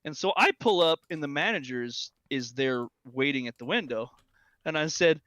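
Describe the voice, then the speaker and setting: Animated storytelling man, bright dry voice. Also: on the high side, normal speed, no room sound, dull audio. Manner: animated storyteller, acts out quotes loudly. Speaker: podcast co-host. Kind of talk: casual chat.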